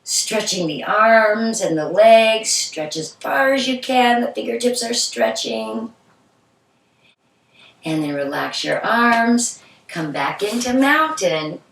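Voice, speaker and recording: A middle-aged woman guiding a children's yoga class in a gentle, encouraging, playful way. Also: fairly high pitch, very animated, slow pace. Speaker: yoga instructor. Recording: echoey room, from a distance.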